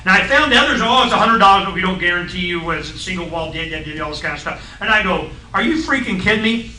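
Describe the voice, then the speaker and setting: A middle-aged man on a radio talk show, explaining science in a blunt, folksy, excitable way and acting out voices in his stories. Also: sits high, fast talker, echoey room, distant mic, slight background noise, rough recording.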